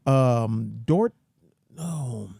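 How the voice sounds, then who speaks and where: Slow, rambling man with a dry voice. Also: medium pitch, animated, vocal fry, dark tone, breathy edge, dry recording. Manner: folksy, rambling, slangy. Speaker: channel host. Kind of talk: casual rant commentary.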